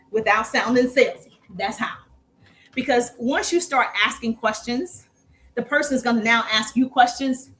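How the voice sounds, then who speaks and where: High-voiced energetic woman business coach. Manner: energetic, emphatic, repeats key lines. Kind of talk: live social media coaching talk.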